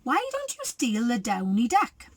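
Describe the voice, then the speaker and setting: A woman voicing a clever fat red hen in a storybook reading, calm and persuasive. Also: fairly high pitch, unhurried, dry recording, heavily acted.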